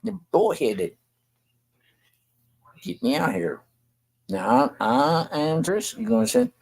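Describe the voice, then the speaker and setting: A man's voice: a little high, huge pitch swings, unhurried, gravelly, long pauses, darkish tone, breathy edge, low-quality recording. An older man, hosting a talk show and complaining bluntly and repetitively. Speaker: show host. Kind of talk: venting monologue to camera.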